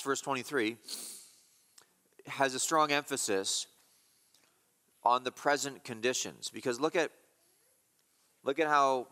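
A man preaching an expository sermon as a pastor, emphatic and repeating key phrases slowly. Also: medium pitch, sharp tone, big-room sound.

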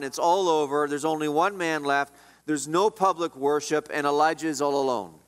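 A man preaching from the pulpit, his voice pitched a little high for a man. He drives points home through repetition and sinks quiet on the heavy lines. The sound carries a long reverberant tail from the hall. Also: clean tone. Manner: emphatic preaching with repetition and dropping volume on key lines. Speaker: pastor. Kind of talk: sermon.

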